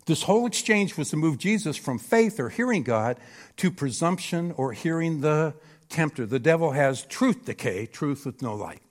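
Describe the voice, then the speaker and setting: A man preaching a sermon on a church stage, animated and emphatic, often checking in with the crowd. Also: a little high, moderate pace. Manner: animated and emphatic, with frequent rhetorical "Hello?" checks. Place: church stage before a live audience.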